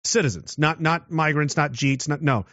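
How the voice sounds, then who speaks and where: A man's voice: a little high, normal speed, fairly bright tone, no echo. A man giving a political commentary monologue, rambling with restarts and rhetorical questions. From Canada. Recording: dull, dry lo-fi sound.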